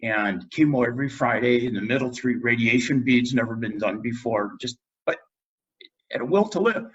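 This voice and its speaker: Middle-aged male guest, husky low voice, lively storyteller doing quotes, muffled lo-fi recording. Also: normal speed. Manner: animated storyteller, acts out quotes. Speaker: guest dentist. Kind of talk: storytelling in a podcast interview.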